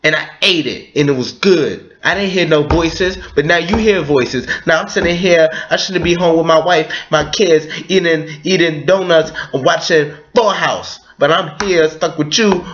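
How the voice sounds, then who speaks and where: A man's voice: a little high, close to an everyday voice. A man playing a blunt, profane therapist in a comedy sketch, talking with exasperation. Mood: exasperated. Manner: profane, exasperated, slow and lively. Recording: lo-fi home video.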